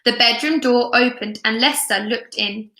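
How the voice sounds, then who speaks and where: A woman reading a storybook aloud to young children in an expressive manner, chatting with her viewers between lines. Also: fairly high pitch, normal speed. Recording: echoey room.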